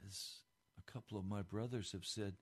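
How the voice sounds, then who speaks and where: A male pastor delivering a radio sermon, building to emphatic peaks and then dropping low and quiet. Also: fairly even intonation, moderate pace.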